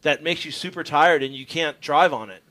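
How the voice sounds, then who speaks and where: A man's voice: a little high, moderate pace. A man casually telling a long road-trip story on a radio show, swearing freely and acting out what others said. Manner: animated, swearing, voices others in his story. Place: radio studio.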